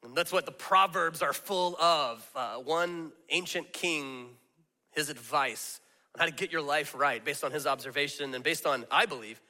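A man's voice: a little high, moderate pace, pushed and bright, in a large hall. A man preaching a casual, storytelling sermon as pastor, talking conversationally and laughing at himself often. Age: adult with young children.

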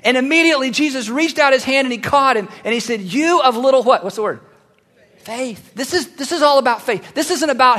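A man preaches with a high-pitched voice, acting out the Bible dialogue in an animated way and dropping from loud bursts to hushed asides. His voice carries a long reverb through a large church auditorium. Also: brisk. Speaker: pastor. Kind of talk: sermon.

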